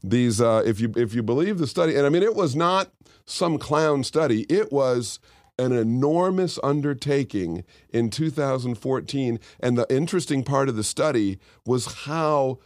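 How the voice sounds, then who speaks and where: A man's voice: medium pitch, animated, normal speed, darkish tone, no echo, studio quality. A middle-aged man co-hosting a podcast in casual chat, a rambling storyteller who drifts off on tangents. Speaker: podcast co-host.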